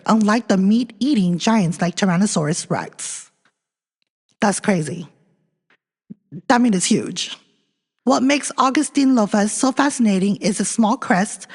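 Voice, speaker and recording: Chatty woman podcast host, echoey room. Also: on the high side. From Fresno, California. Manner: chatty and excitable, many "like" fillers, addresses listeners directly. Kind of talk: casual podcast chat and reading history notes. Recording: long reverb, hall-like echo.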